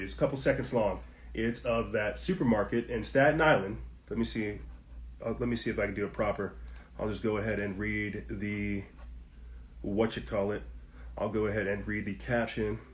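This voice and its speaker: A man's voice: on the low side, steady tone, normal speed, echoey room. A man hosting a political commentary podcast, talking straight to his listeners in a heated, preachy way and circling back to the same points. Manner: heated, preachy, repetitive, speaks to listeners directly. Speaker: podcast host.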